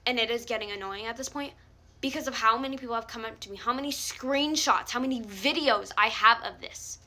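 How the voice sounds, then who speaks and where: Calling someone out, a young woman vlogger rants at the camera in a heated, confrontational way, cursing often. She talks a little fast, her fairly high voice carrying a sharp tone.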